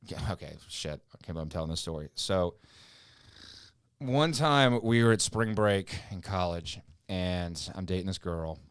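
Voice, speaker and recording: Um homem jovem, convidado de podcast, contando uma história comprida e cheia de recomeços num papo descontraído. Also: male voice, sits low, expressive, normal speed, smooth, no echo, clean studio sound. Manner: rambling storyteller acting out quotes. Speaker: podcast guest. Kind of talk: casual podcast chat.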